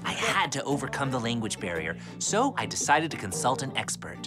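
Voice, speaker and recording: A man's voice: mid-range voice, fairly quick, lightly acted. A man performing a cheerful, earnest young male puppet who hosts a behind-the-scenes tour with jokes. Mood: curious. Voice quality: lively, eager, exclamatory. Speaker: host. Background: music.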